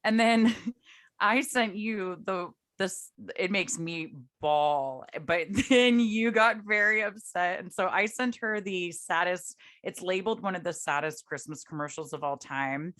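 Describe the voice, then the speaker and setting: A woman's voice: fairly low pitch, unhurried, a bit bright. A young woman co-hosting a podcast in casual chat, talking loosely with lots of "like" and frequent laughter. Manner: chatty, lots of "like", laughs often. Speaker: podcast co-host.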